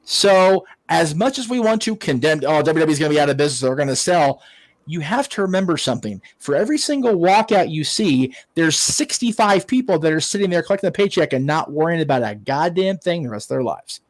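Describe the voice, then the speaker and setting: A man's voice: fairly high pitch, expressive, a little fast, no echo, rough recording. A man hosting a wrestling watch-along, ranting casually with profanity and stammered restarts. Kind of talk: casual online chat.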